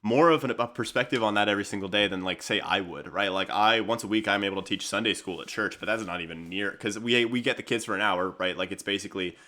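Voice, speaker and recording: Bright-voiced man telling a story. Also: lowish voice, fast, few pauses. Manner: animated storyteller, laughs often. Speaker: podcast co-host. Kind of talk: casual chat.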